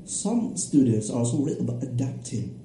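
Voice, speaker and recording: A man hosting a podcast interview, leading the guest with brisk questions. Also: mid-range voice, big pitch swings, mellow, slight background noise. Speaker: podcast host. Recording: echoey room.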